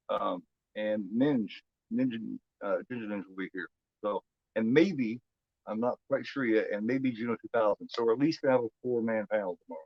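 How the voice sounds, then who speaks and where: The speaker is a man from Indiana in the United States, his Midwestern accent carrying through casual watch-along chat as he rambles and repeats his words over a movie stream. His pitch is medium, with no echo and lo-fi sound quality.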